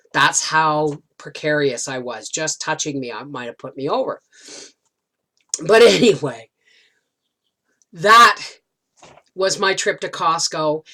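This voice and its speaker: A middle-aged woman with a slightly low voice chats to camera, spinning a long, rambling story. She restarts her sentences often, as if talking with friends at the kitchen table. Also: takes it slowly, long pauses, sharp tone. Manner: chatty, rambling, many restarts. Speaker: homesteading vlogger.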